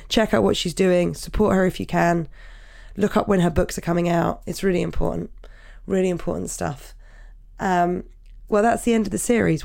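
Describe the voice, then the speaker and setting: A woman hosting a podcast, with a croaky voice, interviewing a guest and then signing off with enthusiastic praise. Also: fairly low pitch, a little mellow. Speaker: podcast host.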